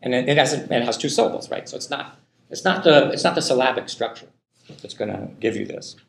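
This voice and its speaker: A man's voice: medium pitch, a little fast, gravelly. A man giving a university linguistics lecture, thinking aloud with many fillers and frequent "right?" checks to the class. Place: lecture hall. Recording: echoey lecture hall.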